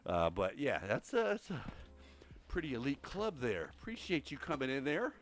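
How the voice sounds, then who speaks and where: During a relaxed Minecraft gameplay stream, an older host walks a treadmill and rambles breathlessly, thinking out loud for his viewers. His medium-pitched voice moves at a normal speed with huge pitch swings.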